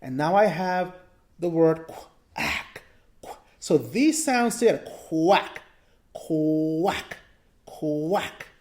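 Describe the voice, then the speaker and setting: A woman leads a phonics lesson for young readers at an unhurried pace. She sounds out each short word and repeats it several times, with steady encouragement. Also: on the low side. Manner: slow, encouraging, sounds out words and repeats them. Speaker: reading teacher. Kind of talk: phonics lesson for parents and children.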